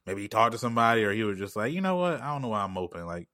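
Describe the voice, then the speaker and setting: Male co-host, quick and slangy, lowish bright voice, close dry mic, casual storytelling. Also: sing-song, no room sound. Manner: loose, slangy storytelling with lots of "like". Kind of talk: casual chat.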